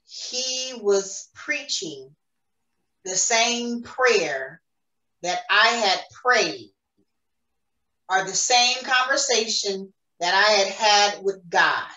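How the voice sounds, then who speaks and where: A woman's voice: mid-range voice, animated, extremely slow, pushed and bright. A woman giving an earnest, emotional personal faith testimony as a podcast guest. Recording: roomy echo, distant mic.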